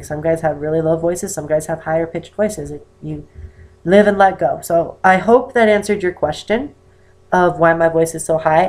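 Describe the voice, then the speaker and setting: An eighteen-year-old man with a naturally high voice, chatting to camera in a rambling, self-conscious way. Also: a little mellow. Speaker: vlogger answering a viewer question. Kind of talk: casual chat to camera.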